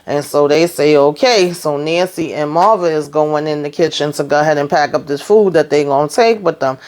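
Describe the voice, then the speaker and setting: A woman hosting a casual TV episode recap, retelling scenes in a chatty, slangy way with lively asides. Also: low voice, normal speed. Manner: animated retelling, slangy asides, acts out characters' quotes. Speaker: TV show recap host.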